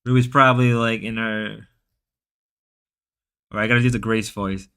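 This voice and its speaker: Bright, crisp-voiced rambling male streamer. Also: on the low side, steady tone, normal speed. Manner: rambling, reading chat aloud, stumbling restarts. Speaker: livestreamer. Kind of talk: casual livestream chat.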